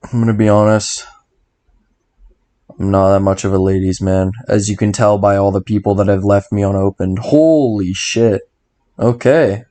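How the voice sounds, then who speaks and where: A drowsy young guy streaming late at night, rambling loosely with plenty of swearing and chuckling to himself. his voice sits a little low, and he sounds tired and half-asleep. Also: steady tone, moderate pace, dark tone. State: sleepy and tired. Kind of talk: casual late-night livestream chat.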